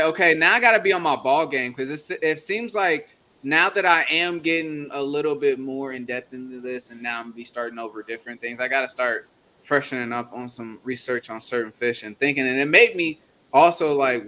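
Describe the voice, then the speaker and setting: A man hosting a casual livestream chat, animated and chatty, laughing often. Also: medium pitch, a little fast. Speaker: host.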